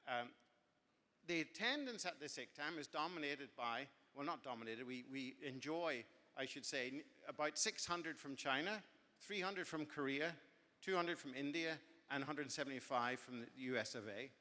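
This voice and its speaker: A man's voice: medium pitch, expressive, moderate pace, pushed and bright. A man giving a genial, rambling after-dinner speech at a banquet, often correcting himself as he goes. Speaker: speaker. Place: banquet hall. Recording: long hall reverb.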